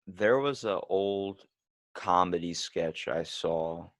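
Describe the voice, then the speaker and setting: Podcast host, male, lowish voice, animated casual storyteller, dry close mic. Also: takes it slowly, no echo. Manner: animated storyteller, swears freely. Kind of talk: casual chat.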